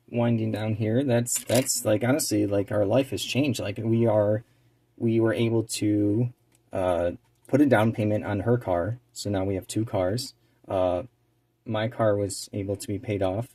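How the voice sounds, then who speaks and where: A man's voice: fairly low pitch, no echo. A man chatting casually and rambling with lots of fillers while he works on a small craft task. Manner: rambling, relaxed, many fillers; drops to a quiet near-whisper while focusing. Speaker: eBay reseller and channel co-host.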